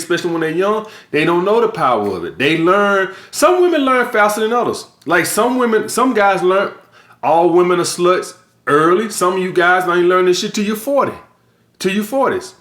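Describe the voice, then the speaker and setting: Man, middle-aged, high voice, swearing and emphatic, lecturing, echoey room. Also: lively intonation, moderate pace, fairly bright tone. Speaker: vlog host. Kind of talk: blunt casual monologue.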